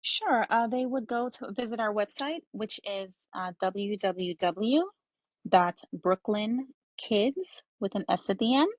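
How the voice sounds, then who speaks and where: A woman calling into an online meeting from her phone, explaining her school in a polite, measured way. Her voice sits mid-pitched and the sound is dry and close. At times she sounds a little unsure of her details. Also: dry recording, poor audio. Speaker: school founder and head. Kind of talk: answering questions at a meeting. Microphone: phone on a video call.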